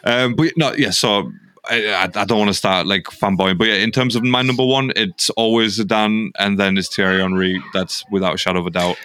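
A man's voice: lowish voice, fairly even intonation, fairly quick, a bit bright, clear, resonant tone, dry recording. A man co-hosting a football podcast, talking casually and rambling with lots of fillers. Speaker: podcast co-host. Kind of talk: casual chat.

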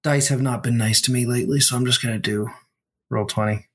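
A man plays a tabletop game over voice chat, pausing and hedging as he describes what his character does. His voice sits in a plain middle range. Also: mid-range voice, fairly even intonation, fairly bright tone, a little hiss or hum. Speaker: player. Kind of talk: casual tabletop game play.

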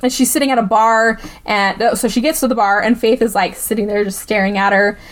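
A woman's voice: mid-range voice, steady tone, fairly quick. A woman co-hosting a podcast, recapping a film in casual chat, peppering her talk with "like" and "right?" and sarcastic about what she saw. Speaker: podcast co-host.

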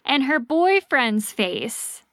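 A woman host casually telling a ghost story on a podcast, animated and swearing freely. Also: high-pitched, takes it slowly, a little hiss or hum.

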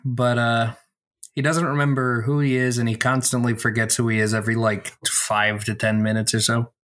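A man's voice: mid-range voice, flat delivery, moderate pace, a bit bright. A young man playing in a tabletop game, talking in a loose, joking, rambling way. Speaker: player. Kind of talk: casual tabletop game chat.

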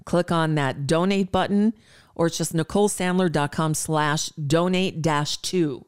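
A woman's voice: low-pitched, a little slow, clear, resonant tone. A woman in her sixties hosting a talk radio show, chatting in an exasperated, rambling way with frequent restarts and asides. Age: 60s. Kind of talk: casual monologue.

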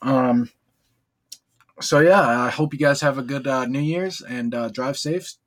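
A young man hosting a casual podcast, relaxed and hesitant, often pausing with filler sounds. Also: medium pitch. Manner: relaxed, hesitant with ums and uhs. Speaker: podcast host.

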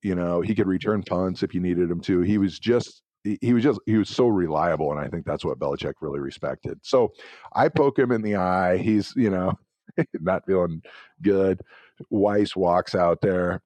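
A man in his forties, a former pro football player, telling interview stories with lively acted-out quotes. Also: low voice, moderate pace, no room sound. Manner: animated anecdotes with acted-out quotes. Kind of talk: casual interview storytelling.

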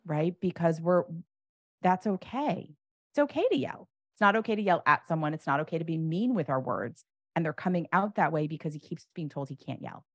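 A woman's voice: low-pitched, lively intonation, brisk, no echo. A woman coaching parents, talking animatedly and acting out example phrases with emphasis. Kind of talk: advice conversation.

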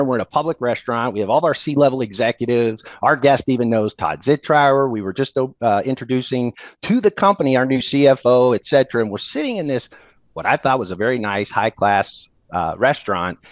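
A man co-hosting a podcast, telling stories in a casual, animated way and laughing often, on a dull, dry recording. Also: mid-range voice, no echo. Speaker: podcast co-host. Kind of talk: casual storytelling chat.

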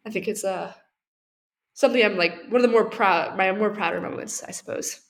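A woman's voice: medium pitch, brisk, gravelly. A young woman in her twenties speaks as a guest on an interview podcast. She answers casually, with frequent fillers and self-corrections. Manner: hesitant, many restarts and fillers. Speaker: podcast guest, doctoral student.

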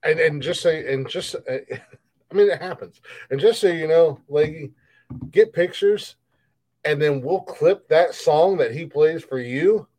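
A man's voice: fairly high pitch, a little slow, darkish tone, low-quality recording. A man co-hosting a podcast, joking and swearing, often laughing. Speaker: podcast co-host. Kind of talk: casual banter.

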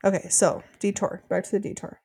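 Mellow-voiced woman in casual chat. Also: medium pitch, fairly even intonation, fairly quick, gravelly, slightly rough. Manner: chatty, laughing, lots of fillers. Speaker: podcast co-host.

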